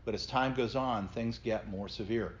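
A man's voice: medium pitch, moderate pace, slight background noise. A middle-aged man, a pastor, teaching a Bible study class and explaining scripture earnestly to his group. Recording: slightly dull lo-fi recording.

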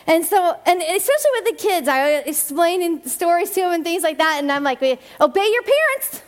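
Woman, church talk to the congregation, high voice, chatty, laughing, quick bursts of speech. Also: animated. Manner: rushed bursts of speech with restarts. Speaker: family and children's ministry director.

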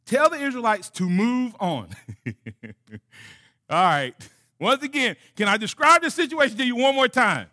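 At a moderate pace, a man preaches with a high, bright voice and animated, direct delivery, vividly playing out dialogues between God and his listeners. The pastor closes by dropping to a soft prayer.

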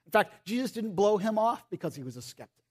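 A man preaching a sermon in a somewhat high voice. He is animated, rising to loud acted-out quotes and then dropping to a soft, pleading tone. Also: quick pace. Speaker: pastor.

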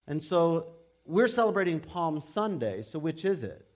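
A young adult man preaching a sermon as pastor, in a casual, animated way with frequent restarts. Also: fairly high pitch, measured pace.

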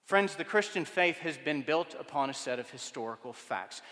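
Male pastor, high bright tenor, emphatic sermon delivery, long church-hall reverb. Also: expressive, moderate pace. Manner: rhetorical, emphatic preaching with repeated questions.

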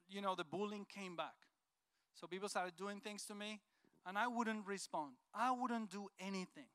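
A man's voice: sits high, pushed and bright, clear, resonant tone, no echo. A man from Colombia, giving a heartfelt personal testimony in an earnest storytelling way. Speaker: speaker sharing a personal testimony. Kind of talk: emotional personal testimony talk.

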